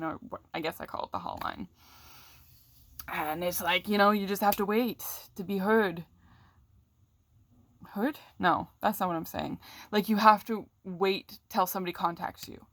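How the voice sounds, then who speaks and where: A woman's voice: medium pitch, fairly bright tone, no room sound. A young woman venting on camera about a bad day, rambling and frustrated, with coughing fits. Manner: rambling, frustrated, self-deprecating, candid. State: coughing, throat catching. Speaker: vlogger. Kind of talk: casual talk to camera.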